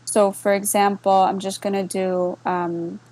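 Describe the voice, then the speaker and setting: A woman moderator talks through a screen-share walkthrough, easy and unhurried. She slips back and forth between English and Spanish and keeps checking that listeners follow with a quick "okay?". Her voice sits at a middle pitch. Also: poor audio. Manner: relaxed, with many fillers. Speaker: server moderator explaining a bot. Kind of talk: casual screen-share tutorial.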